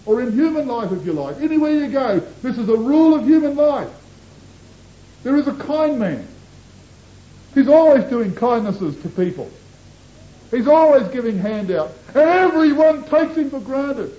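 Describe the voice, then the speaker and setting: Male preacher, high mellow voice, impassioned sermon, dull old recording. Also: very animated, moderate pace. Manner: impassioned, swings between soaring and hushed. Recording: dull lo-fi tape with faint rumble.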